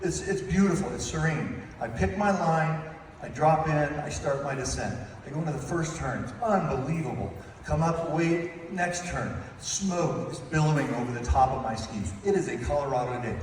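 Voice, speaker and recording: A man's voice: fairly high pitch, expressive, normal speed. A man in his fifties giving a playful, teasing wedding toast as father of the bride. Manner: playful, teasing, acts out voices. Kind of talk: comic wedding speech storytelling. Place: large wedding reception hall. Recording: echoey hall, distant mic, room noise.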